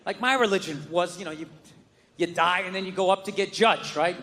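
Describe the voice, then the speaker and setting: A man doing a stand-up comedy set on stage, ranting loudly and cursing freely into a handheld microphone. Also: sits high, brisk, long reverb tail. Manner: loud, ranting, profane. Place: stage before a live audience. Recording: live comedy club with audience.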